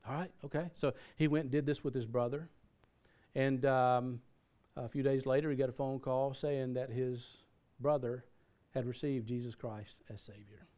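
A man's voice: mid-range voice, fairly even intonation, normal speed, mellow. A man preaching a sermon in a conversational way, often restarting his sentences and using fillers. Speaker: pastor.

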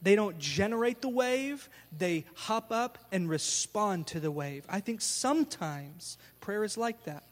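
A man preaching a sermon as pastor, telling the story with lively, casual slang. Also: high-pitched, unhurried, hardly any pauses, long reverb tail. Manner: animated storytelling, acting out scenes with casual slang.

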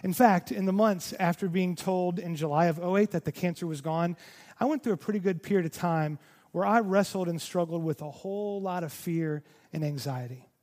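Brief: male pastor, high voice, earnest sermon delivery, echo of a church hall. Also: normal speed, darkish tone. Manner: earnest, repeating words when emphatic.

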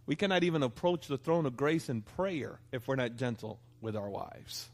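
A middle-aged man preaching a sermon as pastor, animated and asking the congregation for responses. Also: mid-range voice, normal speed.

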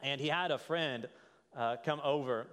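A man's voice: medium pitch, moderate pace, a bit bright. Man preaching in a reverberant hall. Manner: conversational, frequent "right?" tag questions. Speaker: pastor. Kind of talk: sermon.

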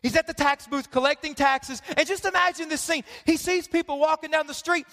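A man's voice: very high voice, fairly even intonation, a little fast, hardly any pauses, bright, forceful tone, long reverb tail. A man preaching a sermon with passionate, repetitive emphasis that builds. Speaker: pastor.

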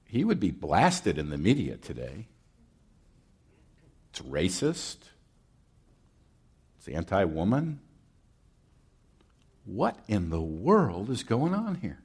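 Slow, expressive male preacher. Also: on the low side, breathy edge. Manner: conversational, rhetorical questions, folksy asides. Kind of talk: sermon.

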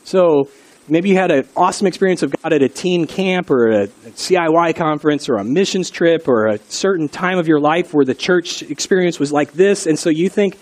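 Speaking at a normal pace with a voice on the higher side, this middle-aged pastor preaches in an earnest, conversational style. He tells stories throughout the sermon.

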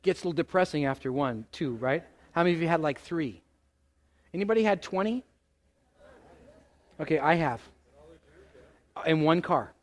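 A middle-aged male pastor preaching a sermon, animated, asking the congregation questions and acting out exasperated outbursts. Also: on the high side, moderate pace, pauses often. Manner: animated, acts out exasperated voices with loud outbursts.

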